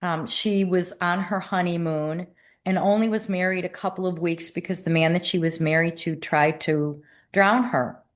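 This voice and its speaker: A woman guest and author speaking in a measured, thoughtful way in an interview. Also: on the low side, fairly even intonation. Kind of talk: reflective interview talk.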